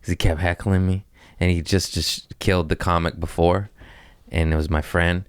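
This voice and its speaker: A man's voice: low-pitched, flat delivery, moderate pace, clean tone, dry recording, clean studio sound. A man, a comedian, trading blunt, profane banter and stories in a casual podcast chat.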